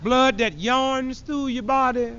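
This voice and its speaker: A high-voiced man runs a punchy stand-up routine, mocking his targets and slipping into characters as he goes. The sound is dull and muffled, like a 1970s archive tape. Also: slow pace, pushed and bright, slight background noise. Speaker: comedian.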